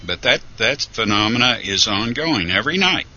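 A man, a radio guest answering questions slowly and haltingly. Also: mid-range voice, expressive, bright, forceful tone. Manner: slow, halting, many uh fillers. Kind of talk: radio interview. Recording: dull lo-fi radio sound.

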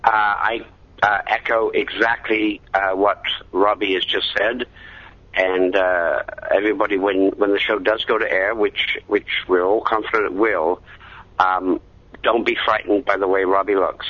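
A man talking as a radio show guest, halting and often repeating his words. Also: low voice, level tone, muffled recording. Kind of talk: casual radio talk.

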